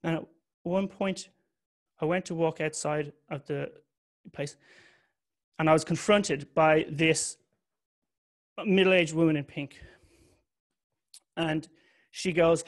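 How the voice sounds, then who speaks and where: A man's voice: a little high, fairly even intonation, slow, pauses often. Candid man giving a talk. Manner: candid and confessional, swears casually. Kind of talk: personal talk to an audience.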